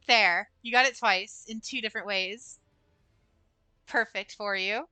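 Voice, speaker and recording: A woman's voice: on the high side, measured pace, sharp tone, clear, resonant tone, no echo. A young adult woman streaming a game, chatting casually with viewers in a rambling way full of fillers. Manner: chatty, rambling, talks to chat with many fillers. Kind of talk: casual gameplay livestream chat.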